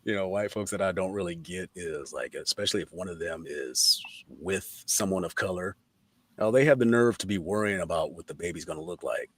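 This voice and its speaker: Brisk and slightly rough, this low-voiced man hosts a casual podcast, laughing a lot and peppering his animated commentary with profanity.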